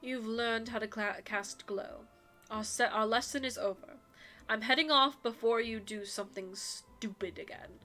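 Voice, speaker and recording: A woman voicing a shy, reserved male ghost in a dating game, speaking slowly and hesitantly. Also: on the high side, sharp tone, faint music behind.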